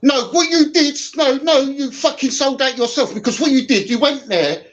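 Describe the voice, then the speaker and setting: Combative high-pitched man. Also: normal speed, dull audio. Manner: insulting, repetitive, combative. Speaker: guest in a heated debate. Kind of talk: heated streamed argument.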